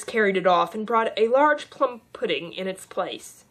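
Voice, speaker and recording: A woman's voice: mid-range voice, animated, moderate pace, hardly any pauses, a bit bright. A woman narrating an audiobook as a volunteer reader, with occasional stumbles and restarts.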